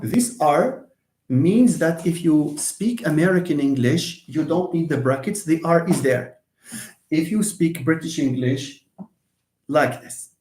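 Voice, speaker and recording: A man giving a live online English lesson, hesitant with many fillers and restarts, lively when stressing examples. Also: on the high side, slow pace. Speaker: English lecturer. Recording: echoey room.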